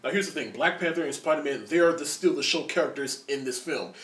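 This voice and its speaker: Young man, movie reviewer, rambling and excited, stumbles and restarts, roomy sound, set back from the mic. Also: a little high, quick pace. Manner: excited and rambling, many restarts, laughs a lot. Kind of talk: casual spoiler review. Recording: roomy echo, distant from the mic.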